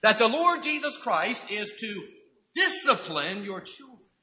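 A man preaching a sermon, emphatic and repeating key phrases, now and then acting out quoted voices with loud outbursts. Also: high voice, very animated, measured pace, poor audio.

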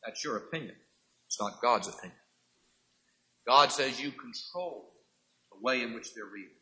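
A man preaching a sermon, emphatic and repeating key phrases, now and then acting out quoted voices with loud outbursts. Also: medium pitch, normal speed, rough recording.

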